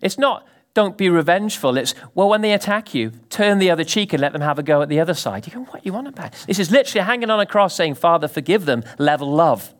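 A male pastor preaches to a congregation in an animated style full of sudden rises and drops, often putting questions to his listeners. His voice sits high, and he talks fast with few pauses.

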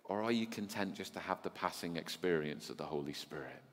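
A man preaching a sermon to his congregation, animated and teasing, swinging between quiet remarks and loud exclamations. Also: sits low, fairly quick. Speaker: pastor. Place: church hall with long reverb. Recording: long hall reverb.

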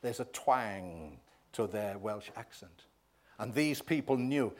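A man preaching a sermon, swelling loud on key words and often asking the congregation "right?". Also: on the low side, animated, slow pace.

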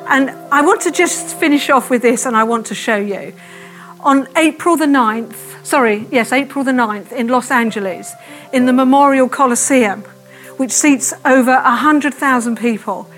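A woman preaching a fervent sermon in church, speaking quickly and repeating her calls to prayer. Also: fairly high pitch, a bit bright.

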